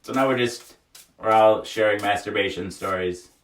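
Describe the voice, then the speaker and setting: Man streaming from a small sauna, lowish voice, laughs a lot, frank jokey host, boomy and echoey, off the mic. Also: moderate pace, recorded from a distance. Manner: laughs often, joking and frank. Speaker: livestream host. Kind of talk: casual chat reading viewer comments aloud. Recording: echoey room, voice away from mic.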